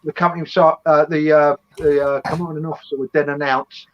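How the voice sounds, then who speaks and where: Fairly high-voiced, foul-mouthed English man. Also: level tone, brisk, few pauses, dull audio. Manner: swearing, blunt barracks banter. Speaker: co-host. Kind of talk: casual chat.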